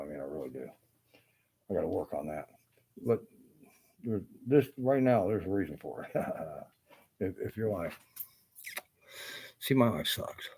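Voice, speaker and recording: A man's voice: rumbling low, vocal fry, a little mellow, slightly rough. A man who works as a carpenter, ranting to camera in a profane, bitter and rambling way, full of restarts and asides. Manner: talks in loose restarts and asides. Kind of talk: casual rant to camera.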